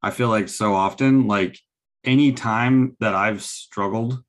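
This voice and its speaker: A man's voice: lowish voice, unhurried. A man hosting a podcast, responding to a guest with short encouraging affirmations. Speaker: podcast host. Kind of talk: casual conversation.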